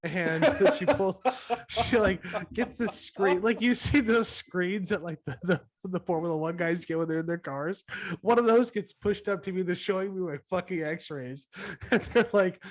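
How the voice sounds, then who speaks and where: A man telling a story on a podcast after a few drinks. He is sarcastic and animated, and he swears freely. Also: high voice, normal speed. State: tipsy. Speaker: podcast co-host. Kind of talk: casual podcast chat.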